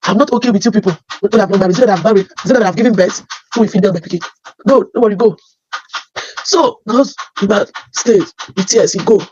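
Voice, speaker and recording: A woman with a Nigerian accent telling her life story as emotional personal testimony, halting and often repeating her phrases. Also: mid-range voice, darkish tone, breathy edge, highs cut off.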